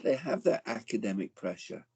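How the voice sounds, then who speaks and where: A man in his forties speaks to parents in a motivational talk, his delivery swinging widely up and down as he tells his story. His voice is gravelly, with a husky edge and a dark, mellow tone. He often turns to his listeners and calls them folks. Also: on the low side, big pitch swings, moderate pace.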